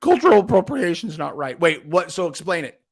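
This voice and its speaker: A man hosting a podcast, ranting and cracking crude jokes in an excitable, profane way. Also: on the high side, a little fast. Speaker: podcast host. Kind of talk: crude comedic banter.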